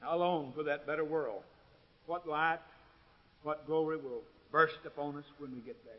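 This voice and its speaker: High-voiced preacher with soaring climaxes. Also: male voice, moderate pace, lo-fi sound. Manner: swells to loud, ringing climaxes, then drops low and quiet. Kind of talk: sermon.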